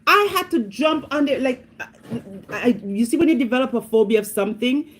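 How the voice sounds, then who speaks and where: A woman's voice: high-pitched, a little fast, a little hiss or hum. A middle-aged woman from Jamaica with a Jamaican accent, vlogging in a casual, dramatic storytelling chat. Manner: animated, dramatic, exclamatory storytelling.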